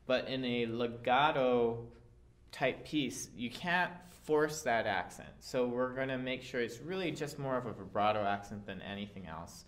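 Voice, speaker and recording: A man's voice: mid-range voice, a little slow. A man teaching a violin part, explaining dynamics patiently with occasional fillers. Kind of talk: instrument lesson.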